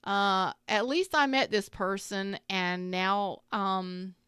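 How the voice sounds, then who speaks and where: A woman's voice: mid-range voice, fairly even intonation, slow, bright, forceful tone, smooth, no room sound, studio quality. A middle-aged woman, a tarot reader, talking casually and candidly to her viewers, swearing freely and rambling through asides.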